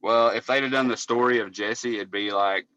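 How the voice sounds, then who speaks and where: Guy on a podcast, bright forceful voice, swears a lot, dry close mic. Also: lowish voice, steady tone, normal speed, dry recording, lo-fi sound. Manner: profane, rambling storyteller. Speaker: podcast co-host, cable technician. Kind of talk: casual podcast chat.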